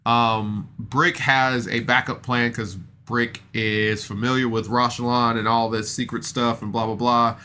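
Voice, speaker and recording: A man's voice: mid-range voice, sharp tone, slight background noise. A man recapping a podcast episode in a casual, rambling way, self-deprecating and full of fillers and restarts. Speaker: podcast reviewer.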